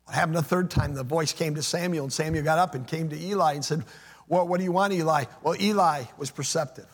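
A man preaching from the pulpit in a high, breathy-edged voice. He leans on repeated phrases and lifts into a sing-song preaching cadence, and his words ring with the long reverb of a large hall. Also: fast. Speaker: pastor. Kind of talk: sermon.

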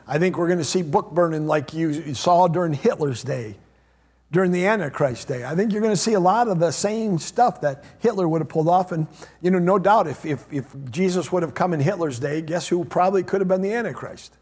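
A man preaching a sermon as pastor, repeating phrases and swinging between loud emphatic lines and hushed low ones. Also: fairly quick, slightly rough. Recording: long hall reverb.

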